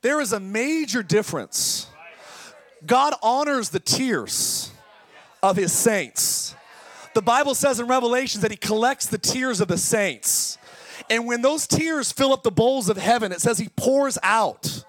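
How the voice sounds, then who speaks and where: A male pastor preaching an impassioned sermon that swings between fast talk, slow drawn-out words and shouting. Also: very high-pitched, animated. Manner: impassioned preaching, often shouting, sudden speed changes. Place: church service.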